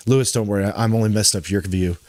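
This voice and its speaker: A man's voice: on the low side, rapid-fire, darkish tone, dry recording. A man hosting a podcast in casual chat, rambling with frequent restarts and self-corrections. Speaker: podcast host.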